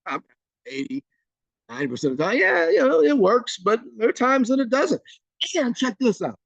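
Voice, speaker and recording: An energetic American man gives a training talk over a video call, in a fairly high voice. His delivery is conversational and lively, and he slips into the voices of the people in his examples. The sound is dry and a little muffled, like a laptop microphone. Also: creaky, dry recording. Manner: conversational, energetic, acts out scenes. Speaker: webinar trainer. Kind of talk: live training webinar talk.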